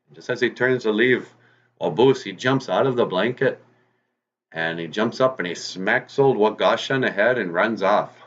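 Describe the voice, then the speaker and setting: A man's voice: fairly low pitch, moderate pace, fairly bright tone, lo-fi sound. A man telling a folk tale in a casual, chatty way as host of his own channel, with rambling restarts and asides.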